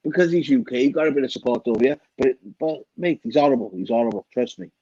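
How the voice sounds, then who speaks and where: Husky British man, emphatic and insistent. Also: mid-range voice, fast talker, mellow, no echo. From Britain. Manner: emphatic, repeats "trust me, mate". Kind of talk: casual chat. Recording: dull lo-fi recording.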